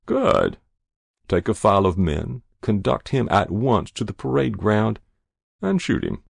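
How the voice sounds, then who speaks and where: A man's voice: fairly low pitch, sing-song, measured pace, creaky, breathy edge, no echo, studio quality, exaggerated voice. A man voicing a cold, impassive army general who gives curt orders in an audiobook reading.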